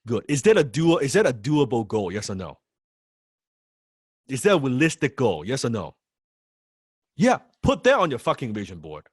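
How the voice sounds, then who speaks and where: A man's voice: mid-range voice, huge pitch swings, moderate pace, pauses often, slightly rough, no room sound, studio quality. A man coaching sales students in an emphatic, repetitive way, swearing freely. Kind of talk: lecture to students.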